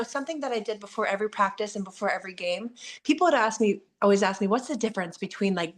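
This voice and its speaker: A woman in her forties, a guest athlete, answering questions in an earnest, candid motivational talk. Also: medium pitch. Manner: earnest, warm-hearted, frequent "you know" and "like".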